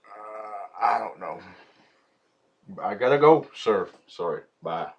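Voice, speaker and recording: A man's voice: lowish voice, animated, takes it slowly, gravelly. A man prank calling in a put-on Southern hillbilly accent, sounding timid and apologetic. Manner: mock-timid, apologetic, mumbling. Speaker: prank caller. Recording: dull lo-fi phone audio.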